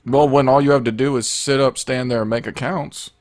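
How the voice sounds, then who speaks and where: A man's voice: medium pitch, fairly even intonation, fairly quick, a little mellow, no echo, studio quality. A man co-hosting a casual live podcast, laid-back and agreeing.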